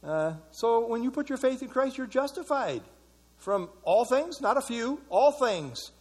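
A man's voice: extremely high pitch, animated, normal speed. A man leading an evening church Bible study in a casual, conversational way, commenting on verses and asking the group for thoughts.

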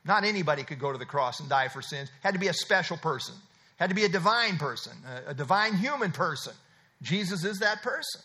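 A male pastor delivering an expository sermon, his voice pitched high and bright. He talks with a lively, swooping pitch and presses each point by restating it several times. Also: quick pace. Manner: expository preaching with repeated emphatic phrases.

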